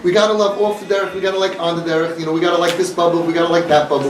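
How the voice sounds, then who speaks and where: A man giving an earnest, emphatic talk to an audience, repeating his points, recorded from a distance. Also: a little high. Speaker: inspirational speaker. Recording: echoey room, mic far off, faint noise.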